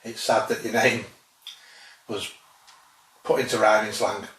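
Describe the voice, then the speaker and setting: A man's voice: lowish voice, level tone, measured pace, a bit bright. A man with a dry sense of humour, chatting casually as he tastes and rates cheeses on his food vlog. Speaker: food vlogger tasting cheeses. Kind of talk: casual tasting commentary. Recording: roomy sound, distant from mic, faint noise.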